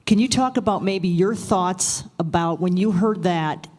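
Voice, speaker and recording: A woman reporter with a fairly low voice puts a measured question to a coach. Her delivery is plain and steady. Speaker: newspaper reporter. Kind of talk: asking a press conference question.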